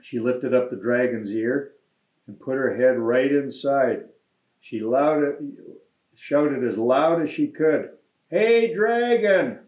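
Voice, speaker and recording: A man's voice: medium pitch, slow pace. Friendly guy reading a kids book, echoey room, kinda lo-fi. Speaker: mayor reading to children. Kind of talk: read-aloud storytelling. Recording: echoey room, dull lo-fi sound.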